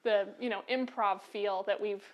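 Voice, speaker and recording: A woman's voice: medium pitch, steady tone, moderate pace, dull audio. An American woman hosting a quilting lesson, chatty and encouraging, with frequent filler ums. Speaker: quilting show host. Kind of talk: live online quilting lesson.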